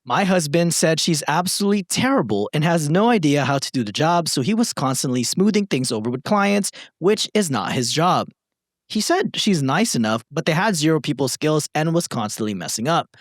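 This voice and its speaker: Young man, higher voice, very lively pitch, dry close sound, reads stories aloud, casual swearing banter. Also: moderate pace, no echo. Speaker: podcast co-host reading stories. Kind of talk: reading aloud and casual chat.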